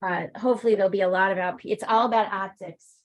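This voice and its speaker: Woman, art teacher, casual class chat, rambling storyteller, mid-pitched voice. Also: fairly even intonation, quick pace, rough recording.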